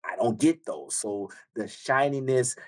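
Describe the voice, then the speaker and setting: A man's voice: medium pitch, measured pace. A man from the United States, a podcast guest chatting casually and emphatically, stacking repeated phrases and checking in with "right?". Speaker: podcast guest, speaker on emotional intelligence.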